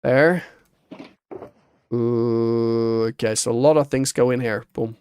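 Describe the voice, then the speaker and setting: A man streams himself playing a building game, chatting to himself and humming small sound effects while he builds, in casual gameplay commentary typical of a Minecraft streamer. His voice is medium-pitched and smooth, and he speaks slowly with frequent pauses. He has the hiccups.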